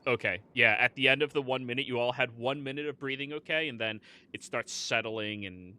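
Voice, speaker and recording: A man narrating a tabletop game as its game master, casual and quick to laugh. His voice is bright and sits at a middle pitch. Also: clean tone. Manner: laughs often, casual and joking.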